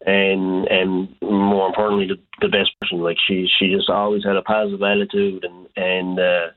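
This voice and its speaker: A man with a fairly low voice comes through a tinny phone line, talking haltingly. He keeps restarting his sentences, with plenty of fillers, as a coach being interviewed. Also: level tone. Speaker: hockey coach.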